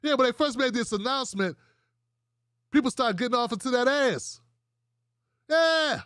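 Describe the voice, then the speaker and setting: A man hosting his own commentary show, talking in a loose, profane rant. His voice sits high for a man, and it sounds dry and close with no room echo. He is sarcastic and slips into mocking voices for the people he quotes. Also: expressive, moderate pace, pauses often, a bit bright, clear, resonant tone. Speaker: political commentary host. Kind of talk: casual ranting commentary.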